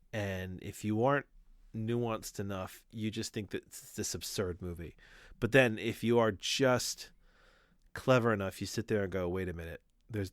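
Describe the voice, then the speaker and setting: Low-voiced rambling man, podcast co-host. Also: no room sound, clean studio sound. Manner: rambling, with many restarts. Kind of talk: casual chat.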